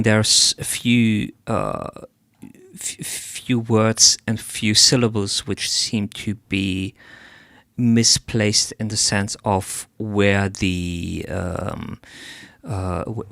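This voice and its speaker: Slow, gravelly-voiced man critiquing music. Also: fairly low pitch, lively intonation, fairly bright tone, no room sound, clean studio sound. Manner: analytical, searches for words, hums melodies to demonstrate. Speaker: music feedback streamer. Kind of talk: live-stream song critique.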